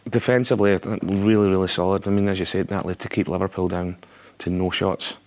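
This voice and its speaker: A man with a very deep voice gives studio football analysis. He talks fast with a gravelly edge. His points come across measured. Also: little pitch movement, a little mellow. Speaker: studio pundit.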